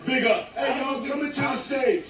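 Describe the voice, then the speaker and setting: A man joking loudly on stage in a slangy, playful way. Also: very high voice, normal speed. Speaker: comedian. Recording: echoey, distant, noisy.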